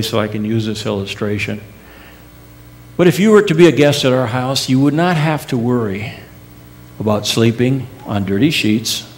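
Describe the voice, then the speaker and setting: A middle-aged male pastor preaching a sermon in earnest, with emphatic rising peaks, soft drops and casual folksy asides. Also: medium pitch. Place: church sanctuary.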